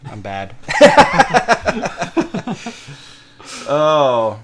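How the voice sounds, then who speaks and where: A man co-hosting a casual tech podcast, jokey and quick, laughing often as he talks. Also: a little high, wildly swooping pitch, a crowd in the background. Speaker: podcast co-host. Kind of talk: casual chat.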